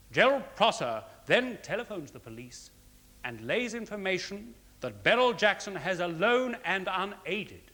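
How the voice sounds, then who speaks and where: An actor playing a prosecuting barrister delivering a formal, rhetorical closing speech to a jury in a 1970s television courtroom drama. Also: male voice, fairly high pitch, pushed and bright, big-room sound. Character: measured male barrister giving closing speech. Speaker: prosecuting counsel.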